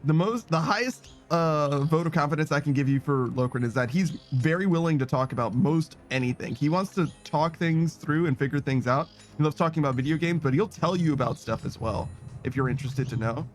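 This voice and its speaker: A man with a fairly high voice chats loosely with his stream audience, reading messages aloud and drifting off on tangents. He swears freely and laughs often. Faint music plays softly behind him. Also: fairly quick. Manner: rambling, swears often, laughs a lot, reads chat aloud. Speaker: game streamer. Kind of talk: casual livestream chat.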